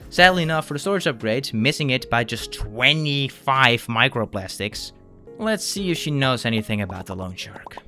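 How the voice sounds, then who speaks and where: A man's voice: medium pitch, pushed and bright. A man, a gaming video creator, narrating his playthrough of a game with playful jokes and asides to his viewers. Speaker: gaming YouTuber.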